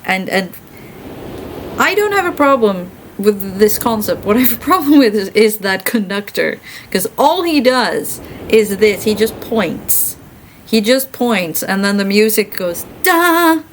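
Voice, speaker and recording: Woman, streamer, classical musician, tired, rambling casual chat, slow pace, faint background noise. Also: mid-range voice, rough recording. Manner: rambling, animated venting with laughter.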